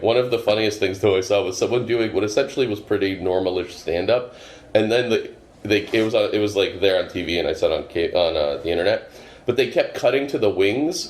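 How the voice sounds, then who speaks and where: A male comedian from Boston, a guest on a podcast, telling stories in casual chat with a meandering, filler-filled, dry delivery. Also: fairly low pitch. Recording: roomy with faint noise.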